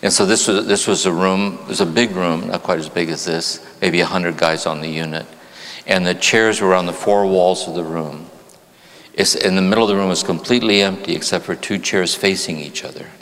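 A man's voice: deep voice, fairly even intonation. A man, a therapist and spiritual teacher, giving a reflective talk to a live audience in a church. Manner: reflective, slows and softens on key phrases. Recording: long hall reverb in a church.

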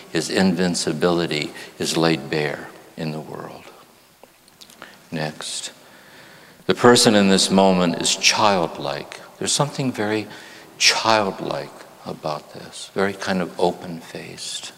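Deep-voiced man speaking in a church hall. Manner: reflective, slows and softens on key phrases. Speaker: spiritual teacher and therapist. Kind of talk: spiritual talk to a live audience. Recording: long hall reverb in a church.

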